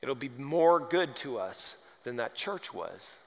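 A man's voice: medium pitch, very animated, slow. A man preaching a sermon, firing off rhetorical questions and telling humorous stories. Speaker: pastor. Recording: long hall reverb.

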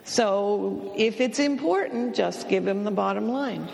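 Slow, gravelly woman in a reverberant hall. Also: medium pitch, darkish tone. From California. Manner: slow, deliberate, acts out quoted voices. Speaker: speaker on communication. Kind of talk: storytelling talk with demonstrations.

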